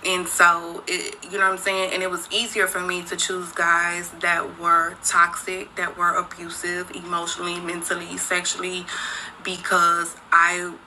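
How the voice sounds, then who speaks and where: Single mom talking straight to her followers, super bright tense voice, swears a lot. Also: lowish voice, completely flat delivery, unhurried, a little hiss or hum, low-quality recording. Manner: candid, profane, talks straight to viewers. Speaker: single mother, former dancer. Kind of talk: confessional social media video.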